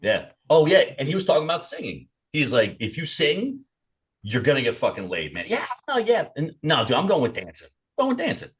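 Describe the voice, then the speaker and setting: A podcast co-host with a slightly high voice chats casually and briskly, animated, swearing heavily and slipping into mock voices.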